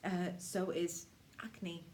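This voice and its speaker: A woman in her forties leading a casual self-care workshop for teens, chatty and reassuring, slipping into quick voices to act out moods. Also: on the low side, level tone, darkish tone, a little hiss or hum. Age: 40s. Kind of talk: casual teaching talk to teens.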